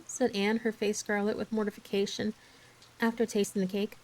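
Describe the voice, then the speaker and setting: Brief: woman reader, steady expressive storybook narration, mid pitch. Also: moderate pace, poor audio. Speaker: streamer reading aloud. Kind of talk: storybook read-aloud.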